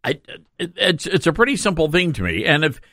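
Animated sarcastic talk radio man. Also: on the high side, brisk, no echo, clean studio sound. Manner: sarcastic, laughing, animated asides. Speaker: radio talk show host.

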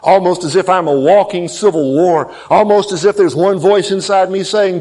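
A man's voice: moderate pace, hardly any pauses. Fervent male pastor preaching. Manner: dynamic preaching, swinging between loud emphatic peaks and quiet low asides; acts out quoted dialogue in changed voices. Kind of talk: sermon.

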